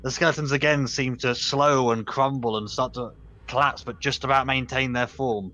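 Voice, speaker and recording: A man's voice: medium pitch, fairly even intonation, moderate pace, bright, forceful tone. A man narrating a tabletop game as game master, casual and stumbling over restarts as he describes the scene.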